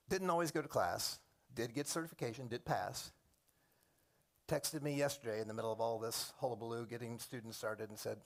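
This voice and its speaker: A man's voice: medium pitch, a little fast. A middle-aged man, a program coordinator and former teacher, giving a chatty, digressive classroom orientation and calling on students by name.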